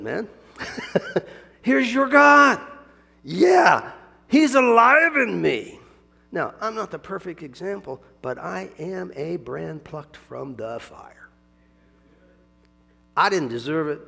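In a large hall, a male pastor with a gravelly, somewhat high voice preaches with real animation. Soft asides give way to loud, emphatic outbursts, and he chuckles often throughout.

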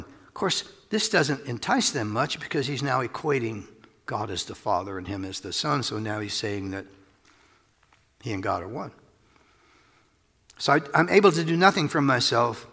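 Animated gravelly preacher in a hall. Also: male voice, mid-range voice. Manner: animated, laughs often, drops to a whisper for emphasis. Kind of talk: expository Bible teaching.

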